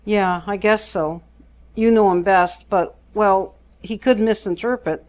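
A worried woman friend on the phone, pressing with anxious questions in a mid-pitched voice, as a woman reading a story speaks for her. She sounds plain and everyday, with nothing put-on about her. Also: steady tone, measured pace, a little mellow, natural voice. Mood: concerned. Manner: concerned, probing questions.

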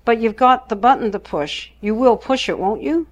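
A woman's voice: fairly high pitch, animated, normal speed, muffled recording, pitched above the performer's own voice, close to an everyday voice. Woman reading as a worried friend on the phone, asking lots of anxious questions. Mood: concerned. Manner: concerned, probing questions.

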